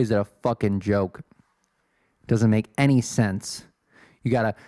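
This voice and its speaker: A man's voice: mid-range voice, a little mellow, dry recording, clean studio sound. A man in his twenties from Illinois, hosting a solo podcast in a rambling, self-deprecating way. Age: 20s. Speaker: podcast host.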